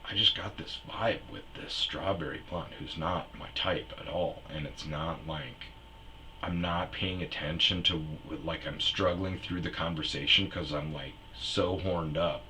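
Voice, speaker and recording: A man's voice: low-pitched, a little slow, bright, forceful tone, a little hiss or hum. A young man telling a rambling, crude personal anecdote in casual chat. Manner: rambling anecdote with crude humor and acted quotes. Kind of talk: casual storytelling.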